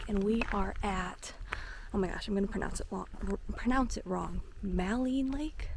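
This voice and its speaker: A woman travel vlogger gushing excitedly and saying "like" a lot, filmed outdoors at a lakeside lodge on a handheld camera. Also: medium pitch, gravelly. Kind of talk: casual travel vlog. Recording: noisy outdoor ambience.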